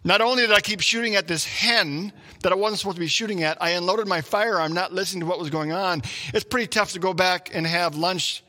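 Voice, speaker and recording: A male preacher with a bright, forward voice pitched a little above the usual, telling a story in his sermon with lively energy. He acts out the shouts and his own inner thoughts as he goes. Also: a little fast, hardly any pauses, big-room sound. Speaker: pastor.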